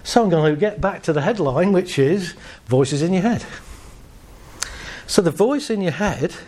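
A man giving a humorous, animated talk to a live audience, shifting his pace and voice for effect. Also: high voice, moderate pace. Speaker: speaker.

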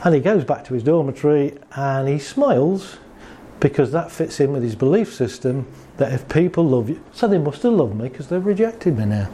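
A man's voice: on the high side, very animated, normal speed, dark tone, a little hiss or hum. A man giving a chatty talk on anxiety to an audience, acting out little scenes and laughing along. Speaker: speaker on anxiety and relationships.

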